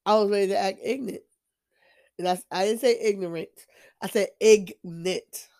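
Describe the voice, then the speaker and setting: A woman's voice: mid-range voice, fairly even intonation, quick pace, creaky, a little mellow. A woman sharing her own faith testimony in a casual, preachy way, emphatic and repeating herself with frequent restarts. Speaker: Christian vlogger sharing testimony.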